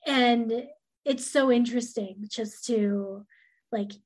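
A woman podcast host with a soft, soothing voice who speaks hesitantly and uses many fillers. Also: fairly high pitch, slow pace. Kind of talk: podcast interview conversation.

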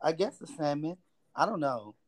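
A man's voice: a little high, sing-song, moderate pace, a loud crowd. A man co-hosting a casual podcast, laid-back with brief remarks. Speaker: podcast co-host.

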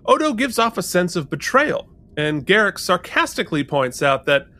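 A man with a slightly high, bright voice chats through an episode recap. His pitch swings widely as he talks. He quotes scenes with animated energy. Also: moderate pace, few pauses. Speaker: podcast co-host. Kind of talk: casual chat.

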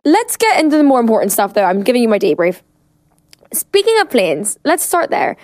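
A woman's voice: fairly high pitch, sing-song, brisk, a little mellow, faint music behind. A young Irish woman hosting a podcast, chatting casually with lots of fillers and the odd swear word. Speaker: podcast host. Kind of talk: casual chat.

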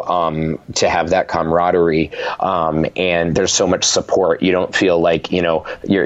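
Casting: deep, low-pitched man in his thirties, from Rhode Island, loose chatty guest, lots of ums and restarts. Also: highs cut off. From Rhode Island, USA. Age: 30s. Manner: chatty and rambling, with many fillers and restarts. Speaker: guest, fitness instructor. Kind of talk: casual podcast interview.

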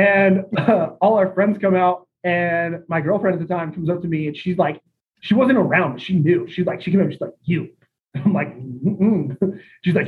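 A man's voice: high-pitched, normal speed. A young man telling a rambling party story in a laid-back, chuckling way. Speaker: podcast guest. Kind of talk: casual storytelling. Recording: tinny phone-like audio.

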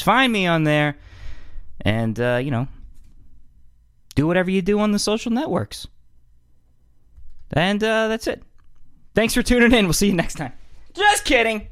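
A man hosting a podcast in a casual, joking monologue, animated and swearing freely. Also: high-pitched, normal speed, pauses often, no room sound, faint music behind. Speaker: podcast host.

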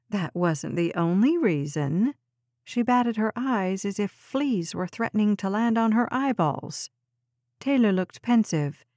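A woman narrating a novel chapter in a steady, measured audiobook reading. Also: medium pitch, no echo, clean studio sound.

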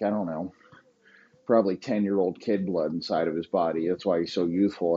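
Low, husky man ranting crudely. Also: dark tone, highs cut off. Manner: crude, riffing, rambling, laughs at own jokes. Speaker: podcast host. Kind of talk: profane comedic rant.

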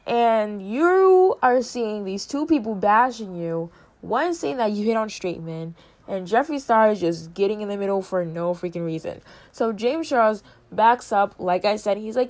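A woman hosting a casual commentary, chatty and animated, acting out what others said. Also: mid-range voice, a little slow, no echo. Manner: chatty, animated, acts out quotes. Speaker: host.

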